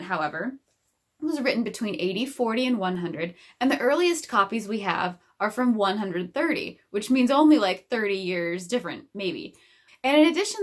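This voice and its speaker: A young American woman presenting a casual video lesson in a chatty, playful way with plenty of fillers. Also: mid-range voice. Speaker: catechist presenter. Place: indoors in front of a bookshelf.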